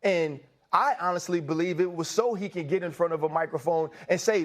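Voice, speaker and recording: A man's voice: a little high, brisk. A man giving impassioned sports commentary, emphatic and repetitive, speaking in an indignant tone. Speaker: sports analyst.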